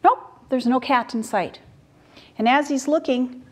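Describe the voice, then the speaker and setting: A woman telling a story to a group of children in church, animated and full of questions for them. Her voice sits fairly high and she talks at an unhurried pace. Her tone stays lively and engaged throughout.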